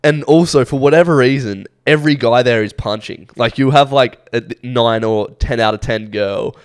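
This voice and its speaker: On a casual podcast, a young Australian co-host spins meandering stories in an easygoing way, using lots of fillers. He has a smooth, medium-pitched voice and a moderate pace, recorded at studio quality with no echo.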